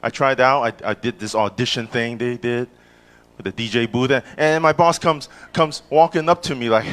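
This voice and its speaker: Performing live stand-up in a comedy club, a man with a medium-pitched voice talks at a moderate pace. He stammers when he restarts and jumps into loud voices for the people he's quoting.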